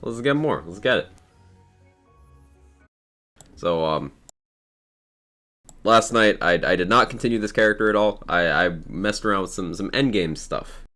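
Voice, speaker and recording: Deep-voiced groggy streamer, casual chat. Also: male voice, measured pace, pauses often, sharp tone, soft background music. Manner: reads out viewer names and thanks them, laid-back and chatty. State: groggy morning voice, tired. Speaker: live streamer. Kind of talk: casual live-stream chat while gaming.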